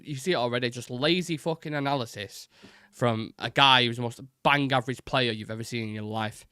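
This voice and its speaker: A man's voice: medium pitch, fairly quick, pushed and bright, clean tone, dry recording, studio quality. A man hosting a live football chat stream, blunt and sweary, reading out and answering viewer comments. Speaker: host.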